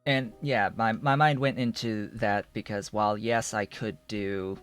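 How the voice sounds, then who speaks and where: A man's voice: on the low side, steady tone, a little slow, a bit bright, clean tone, soft background music. A man streaming a game, thinking aloud in a rambling way with many restarts. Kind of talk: casual live-stream commentary while playing.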